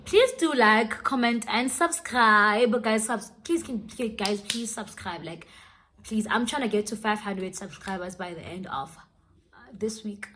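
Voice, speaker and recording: A woman's voice: mid-range voice, measured pace, fairly bright tone, slight background noise. A young woman telling a dramatic storytime vlog, switching languages as she goes. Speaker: vlogger. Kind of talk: storytime vlog, casual chat.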